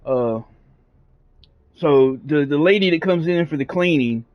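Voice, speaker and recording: A man's voice: fairly high pitch, measured pace. Rambling, foul-mouthed man on a dull mic. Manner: rambling, profane, frequent fillers. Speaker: gaming streamer. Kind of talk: casual storytelling chat. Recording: dull lo-fi sound.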